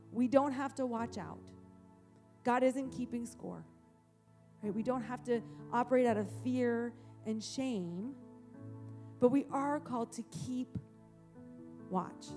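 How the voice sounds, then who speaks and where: Woman pastor, thirties, higher voice, earnest sermon storytelling, faint music underneath. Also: dark tone. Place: church.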